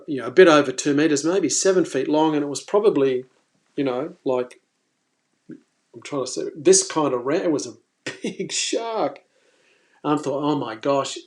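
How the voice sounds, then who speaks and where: A man hosting a live fishing stream, telling a story in an animated, exclaiming way. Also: on the high side. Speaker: fishing presenter.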